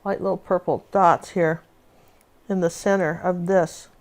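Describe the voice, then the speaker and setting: With a lowish, steady voice and a slightly slow delivery, a woman leads a live painting class. She keeps up a rambling, chatty stream of stories and side comments while she paints.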